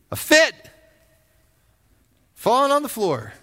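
A man with a high voice preaches unhurriedly, pausing often. As a pastor, he keeps the sermon conversational, bringing stories to life by voicing their characters and questioning his listeners.

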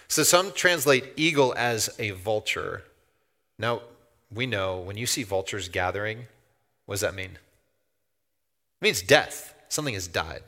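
A middle-aged man preaching a sermon as a pastor, talking conversationally and then swelling into loud, emphatic outbursts. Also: mid-range voice. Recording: long hall reverb.

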